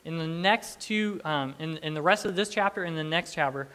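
A man's voice: on the high side, normal speed, fairly bright tone. A man in his thirties preaching a sermon in a conversational, humorous way, often restarting his sentences. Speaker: pastor.

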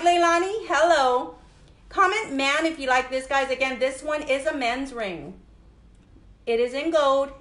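Woman, high-pitched, bright tone, chatty live seller, upbeat. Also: reverberant. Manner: upbeat, chatty, greets viewers by name. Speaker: jewelry seller hosting a livestream. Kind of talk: casual live sales chat.

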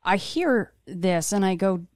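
A woman's voice: medium pitch, expressive, slow pace, darkish tone, no room sound, clean studio sound. A woman hosting an interview, telling a story in a chatty way with frequent restarts. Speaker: podcast host. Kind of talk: casual interview chat.

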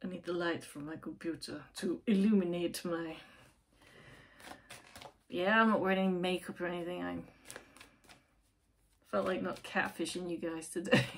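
Female tarot host, casual and emphatic, drawn-out unhurried delivery, keeps interrupting herself. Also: on the low side, steady tone, a little hiss or hum. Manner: chatty, rambling, self-interrupting, emphatic. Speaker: tarot reader, channel host. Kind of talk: casual tarot reading to camera. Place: at home, lit by her computer.

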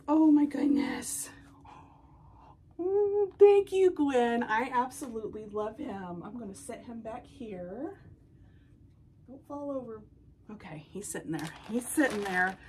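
Slow-talking high-voiced woman unboxing. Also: a little hiss or hum. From United States. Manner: gushing, excitable, talks to viewers. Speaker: doll collecting channel host. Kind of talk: casual unboxing vlog. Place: home.

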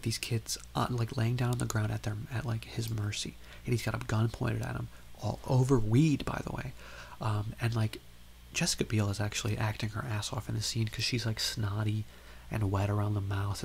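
Rambling male film host, gravelly, casual recap with soft noise behind. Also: on the low side. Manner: rambling, lots of "like" and "um".

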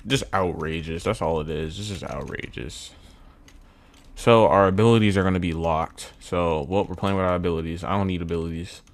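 A young man commenting casually on a video game at home, muttering low, then yelling when excited, repeating himself with lots of bro and man. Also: normal speed. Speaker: gaming YouTuber. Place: at home indoors.

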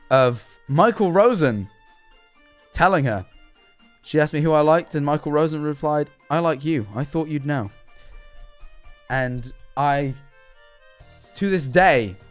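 A man in his twenties chatting on a livestream, telling self-deprecating stories and stumbling over his words. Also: on the high side. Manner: stammering, self-deprecating storyteller. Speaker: streamer. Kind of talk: livestream reaction chat.

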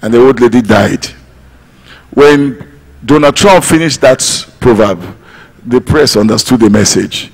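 A man preaching a sermon as pastor, emphatic, swinging from loud declamation to low quiet lines. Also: expressive, a little slow, breathy edge, big-room sound, rough recording. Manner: emphatic, rising to declamation then dropping low.

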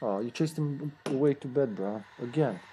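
A man's voice: mid-range voice, normal speed. A man chats while streaming a horror game with friends, joking, laughing a lot and dropping sentences halfway. His voice sits mid-range, and a faint hiss runs under the recording. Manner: jokey, laughs often, trails off mid-sentence. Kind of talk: casual gaming chat.

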